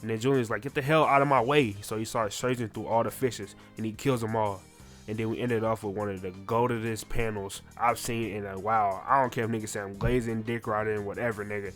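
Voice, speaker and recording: A young man recapping a comic chapter in casual, slangy, excitable speech, swearing freely. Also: lowish voice, a little fast, soft background music. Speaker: manga reviewer.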